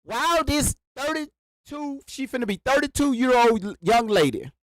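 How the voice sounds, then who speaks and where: A man hosting a livestream, ranting to his chat in an animated, repetitive way and talking straight to his viewers, speaking into a microphone. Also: very high voice, measured pace, no room sound. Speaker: livestream host. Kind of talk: live reaction rant to chat. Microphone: sits behind a microphone.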